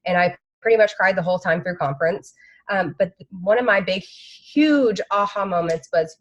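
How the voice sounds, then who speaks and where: A woman's voice: on the low side, normal speed, dull audio. Emotional rambling woman on a video call. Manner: emotional, rambling, with many fillers. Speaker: team member sharing a conference recap.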